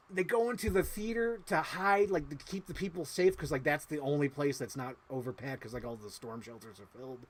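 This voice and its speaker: A man casually recapping a movie on a livestream. He talks excitedly, swears freely and gets emotional. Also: a little high, brisk, few pauses.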